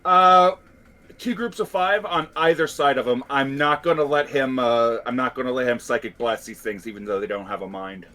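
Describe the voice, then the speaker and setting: A man playing in a tabletop role-playing game, calmly tallying his attacks and damage. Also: mid-range voice, normal speed. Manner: steady, tallies numbers out loud. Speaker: player. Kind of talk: casual tabletop game play.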